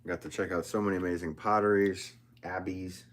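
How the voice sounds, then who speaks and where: Deep-voiced chatty potter from Connecticut. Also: male voice, fairly even intonation, a little fast. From Connecticut, USA. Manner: chatty, joking, self-mocking, restarts often. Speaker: potter hosting a livestream. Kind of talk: casual livestream chat reading comments. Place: pottery studio.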